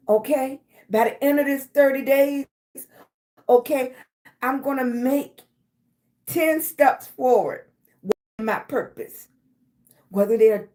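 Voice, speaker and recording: A middle-aged woman hosts a motivational livestream. She talks slowly and pushes each affirmation again and again, calling her viewers baby. Her voice sits a little high. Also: warm tone. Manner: emphatic, repetitive affirmations, calls viewers baby. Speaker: livestream host.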